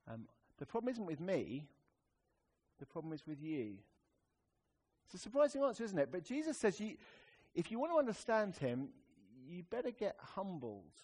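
A man preaching a sermon in a conversational, wry way, swinging between emphatic rises and quiet, serious drops. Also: high-pitched, huge pitch swings, normal speed, slightly rough.

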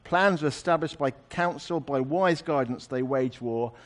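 A man's voice: medium pitch, a little slow. A man preaching a sermon, explaining a scripture passage in a conversational way with wry asides.

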